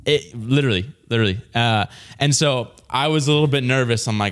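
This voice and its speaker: A man's voice: mid-range voice, brisk, hardly any pauses, smooth. A young man in casual chat, rambling through a story with lots of fillers and laughs.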